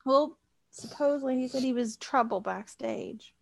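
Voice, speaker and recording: Young woman co-host, gravelly fry, laid-back interjections. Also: high-pitched, normal speed, no room sound. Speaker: podcast co-host. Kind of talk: casual chat.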